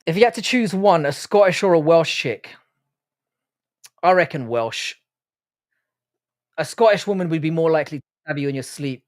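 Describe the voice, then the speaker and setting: A man's voice: on the high side, animated, normal speed, long pauses. An Irish man hosting a live fight watch-along stream, reacting casually and profanely and reading out chat messages. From Ireland. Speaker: livestream host.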